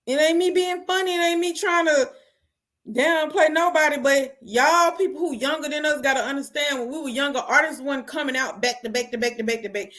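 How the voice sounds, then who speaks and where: A young woman hosting her own show, giving casual opinions on music in an animated, slangy way. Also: high voice, fairly quick. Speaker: host.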